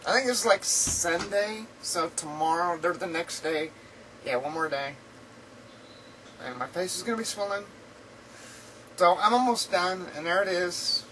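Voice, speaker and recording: A woman's voice: lowish voice, a little slow, long pauses, fairly bright tone, recorded from a distance, a little hiss or hum, low-quality recording. A woman chatting casually in a rambling video diary from home, laughing often, her throat dry and sore. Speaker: vlogger. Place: indoors at home.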